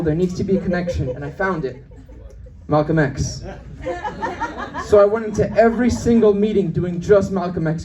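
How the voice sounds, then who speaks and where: A man's voice: high-pitched, warm tone, recorded from a distance, rough recording. A young man doing a stand-up comedy set in a club. He talks in a brash way and jumps between voices to act out the people in his stories. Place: comedy club with live audience.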